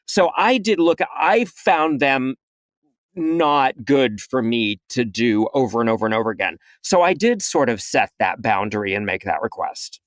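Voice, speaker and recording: A man who is an audiobook narrator and a podcast guest, lively and quick to chime in. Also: mid-range voice, dry recording. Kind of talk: casual roundtable discussion.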